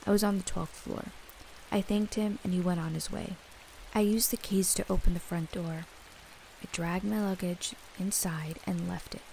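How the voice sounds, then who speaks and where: Young woman narrator with a gravelly edge, steady read of a creepy story. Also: on the low side, normal speed, a little hiss or hum, low-quality recording. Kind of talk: scripted first-person horror narration.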